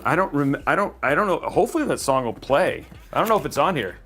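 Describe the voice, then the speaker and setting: A chatty, upbeat man hosts a live stream from a studio. He talks loosely and cheerfully in a fairly high voice and rambles as he goes. Soft music sits faintly behind him. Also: big pitch swings, fast talker. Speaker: livestream host building a PC. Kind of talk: casual live-stream chat.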